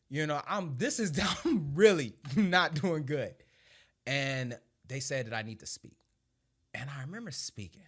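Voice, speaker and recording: Animated, swearing ex-Marine telling stories. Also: male voice, a little high, a little slow. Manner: animated, laughing, profane. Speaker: former Marine sergeant and speaker. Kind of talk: conversational storytelling.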